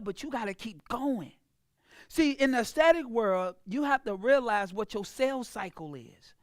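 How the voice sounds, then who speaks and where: A woman coach gives a motivational sales talk in a high voice. She speaks emphatically and preaches at her listeners. The sound is close and dry. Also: no echo. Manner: emphatic, preachy, acts out clients in a mocking voice. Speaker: business coach.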